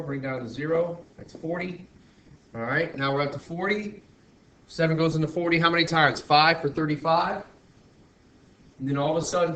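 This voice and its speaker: A man's voice: a little high, fairly bright tone, dull audio. A male math teacher talking through a screen-recorded lesson, working step by step with frequent restarts and self-corrections. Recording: roomy echo, faint background noise.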